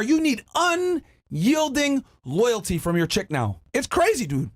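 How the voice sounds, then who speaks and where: A man with a high voice ranting on a reaction stream. He swings his pitch all over as he pushes his points, loud, emphatic and profane. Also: wildly swooping pitch, measured pace. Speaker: podcast co-host.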